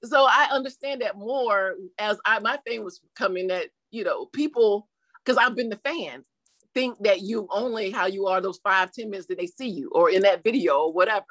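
A middle-aged woman, a YouTube comedian, answering interview questions in an animated way, laughing often and acting out quotes in different voices. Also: mid-range voice, normal speed, no echo.

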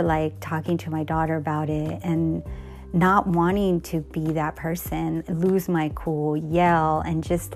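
A woman's voice: sits low, gravelly, a little mellow. A middle-aged woman hosting a podcast, candidly telling a personal story in a rambling way, full of restarts and fillers.

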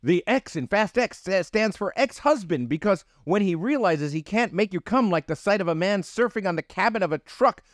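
A man co-hosting a comedy podcast, hyping up jokes with mock excitement. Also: high voice, moderate pace, hardly any pauses, no echo, studio quality. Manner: mock-hype exclamations. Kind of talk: sketch comedy podcast banter.

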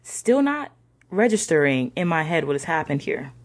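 Low husky creaky-voiced young woman. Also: big pitch swings, normal speed. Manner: slangy, conversational, drops into soft whispers. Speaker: discussion participant. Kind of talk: casual personal storytelling.

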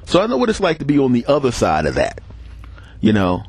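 Lively-voiced man telling bawdy stories. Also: medium pitch, brisk, slightly rough, dry recording. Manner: animated, acts out quoted voices, laughs between bits. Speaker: podcast host. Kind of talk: casual comic storytelling monologue.

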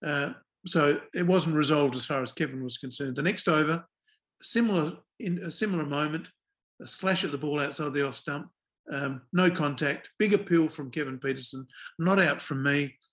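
A man's voice: on the high side, moderate pace. Older man telling wry stories. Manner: relaxed, wry anecdotal telling with fillers. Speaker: former cricket umpire, guest. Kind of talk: casual interview storytelling.

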